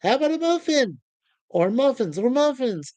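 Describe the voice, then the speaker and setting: This is a relentlessly chirpy talking toaster, put on by a woman, pitched up high and sing-song as he pushes breakfast on everyone. The voice is dry and close, with no room around it. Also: very animated, moderate pace, warm tone, no room sound. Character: chirpy, pushy male toaster obsessed with bread. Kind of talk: reading out sitcom scenes.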